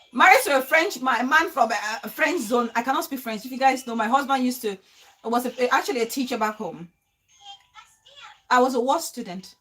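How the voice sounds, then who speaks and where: A woman's voice: sits high, a bit bright. A woman hosting a casual live stream, emotional and pleading as she calls out names of viewers.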